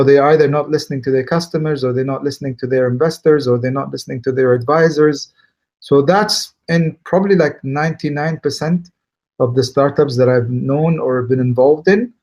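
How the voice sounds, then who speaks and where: A man on a panel giving a steady, explanatory answer. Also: on the high side. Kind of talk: panel discussion.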